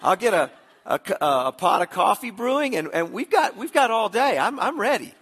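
A man acting out his eager middle-aged wife, excited and emphatic. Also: sits high, moderate pace, husky, in a large hall, voice pushed up, full character voice.

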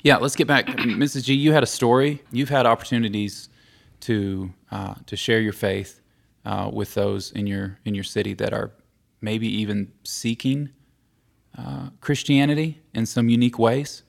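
A man hosting a casual conversation, asking questions and adding thoughts with a hesitant, halting manner. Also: mid-range voice, steady tone, creaky. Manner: hesitant, many fillers and restarts. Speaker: podcast host.

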